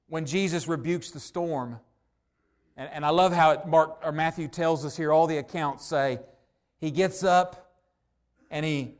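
A man preaching a sermon, earnest, slowing right down to stress key words. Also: on the high side. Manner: earnest preaching, slows down for emphasis. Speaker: pastor.

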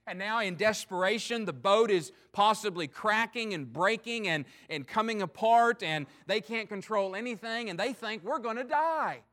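Male pastor with a high voice, earnest and emphatic sermon delivery. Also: moderate pace, few pauses. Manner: earnest, emphatic preaching with swings in loudness and pace.

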